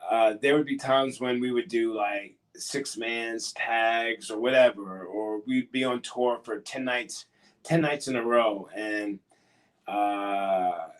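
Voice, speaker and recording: A man's voice: medium pitch, slow pace. A man, a former pro wrestler, telling stories as a guest in a casual interview, rambling and repeating himself. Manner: rambling, repeats words and restarts.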